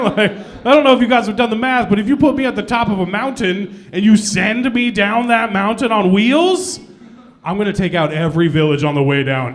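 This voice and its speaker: A young adult man doing a self-deprecating stand-up comedy set on a club stage, laughing at his own jokes. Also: high-pitched.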